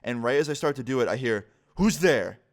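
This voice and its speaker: A young man telling a story on his vlog in a casual, rambling way, full of fillers. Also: mid-range voice. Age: young adult. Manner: casual, fast-flowing storytelling with many fillers. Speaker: vlogger.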